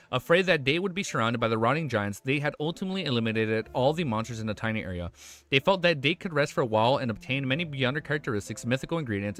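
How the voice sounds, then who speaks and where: A young man livestreaming, chatting casually with his chat and reading a web novel aloud, excitable and swearing freely. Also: mid-range voice.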